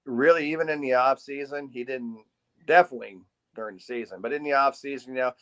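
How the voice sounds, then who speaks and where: Guy on a podcast telling range stories, mid-pitched voice, keeps doing boom ding sound effects and laughing. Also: quick pace, fairly bright tone. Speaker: podcast guest, pistol marksmanship instructor. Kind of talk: casual interview storytelling.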